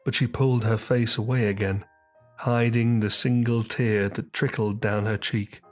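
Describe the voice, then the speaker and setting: A man reading an audiobook story as narrator, measured and descriptive. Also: on the low side, fairly even intonation, soft background music.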